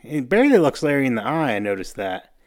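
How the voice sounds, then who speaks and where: Laughing podcast host recapping scenes. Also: male voice, medium pitch, sing-song, fast. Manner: laughs often, recaps TV scenes with acted quotes. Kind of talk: casual chat.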